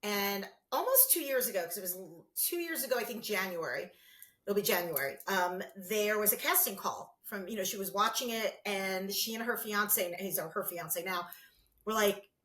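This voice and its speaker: A middle-aged woman talking as a guest in a casual interview, lively and theatrical, acting out what people said to her. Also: medium pitch, normal speed. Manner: animated, acts out quotes in big voices.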